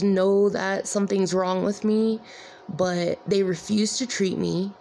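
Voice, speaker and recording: A weary, distressed woman talking to her viewers in a rambling, halting way, with many repeated "like"s. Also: medium pitch, fairly even intonation, darkish tone, a little hiss or hum. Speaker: vlogger. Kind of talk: emotional personal vlog.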